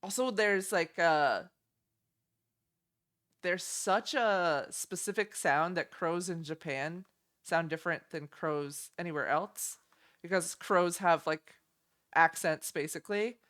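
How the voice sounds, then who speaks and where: A woman's voice: on the low side, fairly bright tone, clear, resonant tone. A young woman streaming, chatting casually and giggling as she reacts to game trailers. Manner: chatty, giggly, easily delighted.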